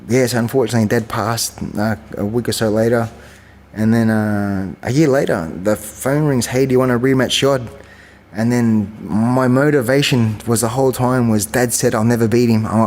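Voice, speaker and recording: A man in his forties tells long stories in a relaxed interview. He rambles through fillers and restarts and acts out what others said. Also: mid-range voice, normal speed, long reverb tail. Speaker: guest, champion kickboxer. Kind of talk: casual storytelling interview.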